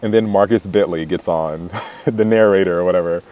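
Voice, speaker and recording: A man's voice: low-pitched, fairly quick, mellow, clear, resonant tone. A young man recapping a reality show in a chatty, catty way, full of "like" fillers and laughter. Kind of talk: casual gossipy recap.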